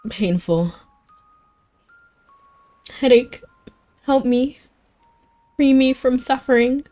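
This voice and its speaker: A woman acting out a lost undead sailor from a fantasy game, lowering her voice and dragging out short, halting words as he pleads for help. Faint game music plays beneath the lines. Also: animated, warm tone, exaggerated voice. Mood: pleading.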